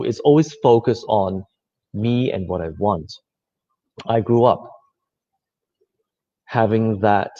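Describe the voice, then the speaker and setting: A man giving a reflective talk, speaking gently and conversationally, with many fillers. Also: lowish voice. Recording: slightly dull lo-fi audio.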